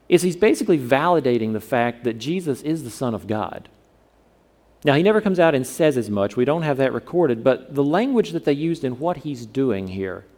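His voice is fairly high and a little mellow as he preaches. He's a pastor from the American South with a conversational sermon style, often turning questions to the congregation.

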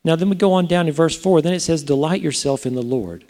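Speaking fast in a warm, fairly high voice, a pastor delivers a conversational sermon. He often poses rhetorical questions to his listeners.

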